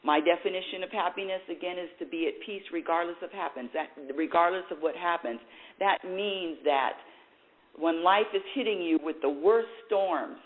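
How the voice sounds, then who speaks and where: A woman's voice: fairly low pitch, normal speed. A woman hosting a spiritual talk show, speaking in a rambling, self-correcting way and laughing at herself. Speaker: radio show host. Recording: tinny phone-like sound.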